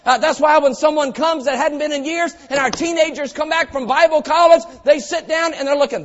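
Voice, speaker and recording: A man preaching a sermon as pastor, telling stories and swinging from quiet asides to loud shouted lines. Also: very high-pitched, fairly quick, hardly any pauses. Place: church auditorium. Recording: dull sound with long hall reverb.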